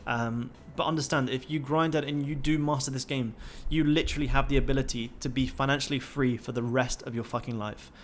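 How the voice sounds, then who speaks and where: A man's voice: mid-range voice, steady tone, a little fast, hardly any pauses, slight background noise. A young man hosting a trading livestream, talking casually and swearing constantly in a pumped-up, motivational way.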